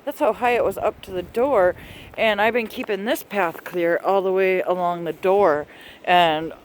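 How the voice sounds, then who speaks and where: A woman's voice: mid-range voice, a little hiss or hum. A woman narrating a home video diary on her phone outdoors in a snowstorm, chatty and a little out of breath, laughing now and then. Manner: chatty, laughs often, talks to pets. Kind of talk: casual handheld narration. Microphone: phone held in hand.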